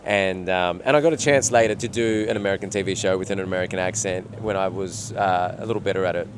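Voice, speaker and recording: A man's voice: sits low, steady tone, fast talker, background noise. A man with an Australian accent, an actor answering interview questions in a reflective way, thinking aloud with fillers.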